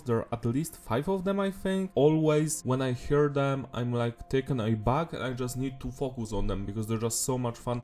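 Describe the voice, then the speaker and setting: A man's voice: medium pitch, dark tone. A man reviewing a metal album in a casual, enthusiastic way, gushing with praise. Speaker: music reviewer.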